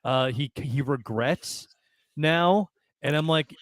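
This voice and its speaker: A man's voice: fairly high pitch, takes it slowly, a bit bright, dry recording, studio quality. A man co-hosting a podcast in casual chat, easygoing and enthusiastic. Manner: easygoing, enthusiastic, many restarts. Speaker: podcast co-host.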